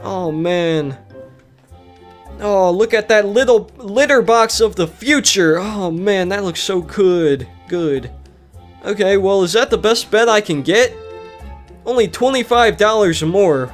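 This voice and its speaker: A let's play host giving casual gameplay commentary at a computer microphone, excitable, with frequent exclamations and mock scolding. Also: mid-range voice, takes it slowly, faint music behind.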